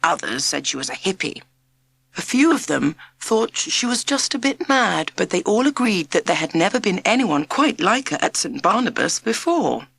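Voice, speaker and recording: A woman reading a children's storybook aloud in an expressive, measured narration. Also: mid-range voice, vocal fry, breathy edge, dry recording. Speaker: audiobook narrator.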